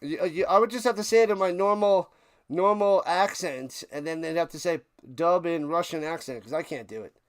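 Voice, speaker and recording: A man's voice: fairly high pitch, a little fast, smooth. A man hosting a live stream, calling American football play by play with joking, rambling asides. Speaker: play-by-play commentator and stream host. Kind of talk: casual live sports commentary.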